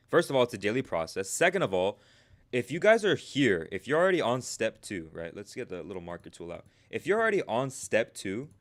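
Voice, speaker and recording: Young male trading coach on stream, mid pitch, keeps asking right?, acts out inner voices. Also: fairly quick. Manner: energetic, repeats "right?" as a check-in, acts out traders' inner voices. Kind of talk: live-streamed lesson.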